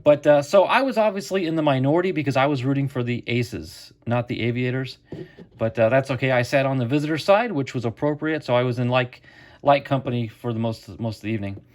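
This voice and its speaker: A man's voice: medium pitch, fairly quick, a little mellow. A middle-aged man casually telling a story to camera as the host of a card collecting channel, chatty and acting out quotes.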